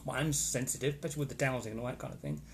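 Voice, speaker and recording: Gravelly man chatting live. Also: medium pitch, big pitch swings, racing, slight background noise. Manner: chatty, opinionated, greets viewers by name. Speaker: host of a live stream. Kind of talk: casual live-stream chat reading viewer comments. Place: holiday location in Florida.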